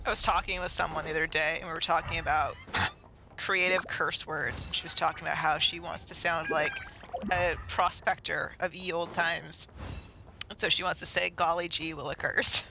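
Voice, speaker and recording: A man's voice: on the high side, level tone, moderate pace, poor audio. A man streaming a game live, chatting casually and rambling to himself and his chat. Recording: game music clearly behind.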